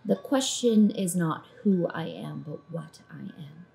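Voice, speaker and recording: A woman voicing a mysterious enthroned creature that speaks in slow, measured pronouncements. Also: lowish voice, lively intonation, creaky, warm tone, faint music behind. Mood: ominous.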